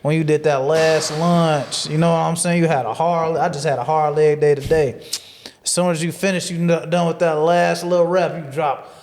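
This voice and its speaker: A man's slightly high voice moves at a normal speed as he guests on a casual podcast. He preaches and motivates, repeating phrases for emphasis, and his storytelling becomes increasingly animated.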